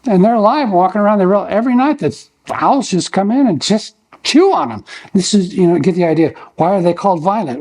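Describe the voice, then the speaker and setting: An older male pastor preaches from the pulpit in a husky voice that sits a little high for a man. He keeps it folksy and conversational, throws rhetorical questions at his congregation, and tags his points with "okay?". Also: big pitch swings, normal speed, darkish tone. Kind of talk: verse-by-verse sermon. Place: church.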